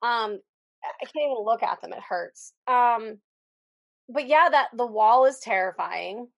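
A woman's voice: on the high side, expressive, measured pace, vocal fry, dull audio. A woman co-hosting a podcast in casual chat, rambling and searching for words. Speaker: podcast co-host.

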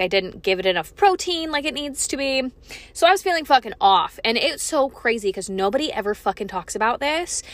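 A woman's voice: on the high side, a bit bright, dry recording. Frank, cursing young woman podcaster. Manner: frank, emphatic, swears freely. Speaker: podcast host. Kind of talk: candid solo podcast monologue.

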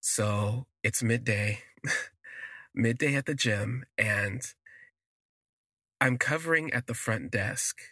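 A man telling a personal story in an expressive, self-deprecating way, drifting into asides. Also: medium pitch, slow pace, long pauses, husky, no echo, clean studio sound. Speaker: podcast storyteller.

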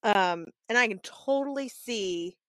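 A chatty woman talking through a TV episode with a co-host, animated and quick to act out lines. Her voice sits at a middling pitch and is recorded very dry and close. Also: no room sound. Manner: chatty and animated, acts out quoted lines, openly annoyed. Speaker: podcast co-host recapping a TV episode. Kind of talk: casual chat.

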